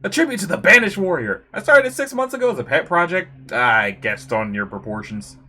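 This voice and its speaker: A woman voicing a playful, scheming male general who teases his friend, reading a comic aloud with a breathy voice. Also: fairly low pitch, very animated, a little fast, pushed and bright, voice pushed down, heavily acted. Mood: teasing. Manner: teasing, cheerful.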